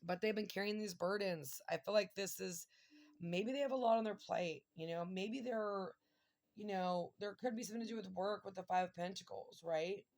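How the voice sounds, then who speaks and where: A woman in middle age talks through a tarot spread in a loose, chatty way. Her voice has a gravelly fry to it. She grows emotional and exclamatory as the cards turn. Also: mid-range voice, moderate pace, darkish tone. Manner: emotional, exclamatory, near tears at times. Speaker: tarot reader. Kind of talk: casual tarot reading monologue.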